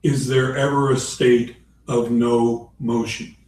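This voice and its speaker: A man's voice: mid-range voice, level tone, takes it slowly, darkish tone. A man in the audience asking a teacher questions in a hesitant way, stopping to paraphrase himself. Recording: distant and echoey with faint hiss.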